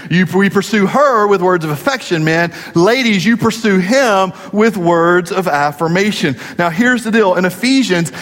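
A man's voice: sits high, a bit bright. A male pastor preaching a sermon in a conversational, joking way, acting out quoted voices. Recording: long hall reverb.

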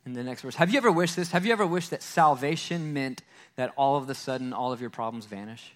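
A man's voice: mid-range voice, quick pace. Man preaching in a conversational style. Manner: conversational, repeats words, asks "right?" often. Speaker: pastor. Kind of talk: sermon.

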